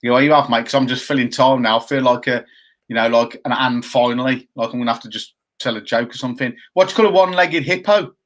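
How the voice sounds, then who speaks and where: A man's voice: medium pitch, flat delivery, fast, fairly bright tone. A man in his fifties co-hosting a casual live chat show, chatty and jokey as he reads out viewer comments. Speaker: co-host.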